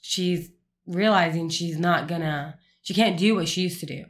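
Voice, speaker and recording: A woman telling a story in casual family conversation, animated and acting out the people in it. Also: fairly low pitch, moderate pace. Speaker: guest relative.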